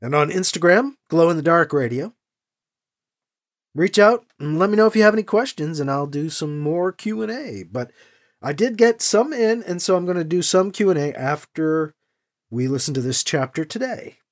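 A man hosting a fiction podcast and narrating an audiobook chapter in an animated, expressive way. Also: on the high side, normal speed.

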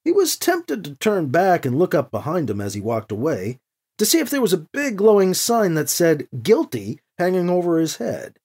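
Lively, husky audiobook narrator. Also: moderate pace. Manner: lively, voices each character with shifts in pitch. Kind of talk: scripted narration with character voices.

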